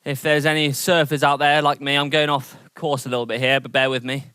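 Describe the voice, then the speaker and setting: A man coaching an indoor cycling workout, energetic and encouraging as he calls out intervals and counts down, sweating as he rides. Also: mid-range voice, fairly quick, clear, resonant tone, no echo, clean studio sound. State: sweating from exertion. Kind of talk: coaching a training session.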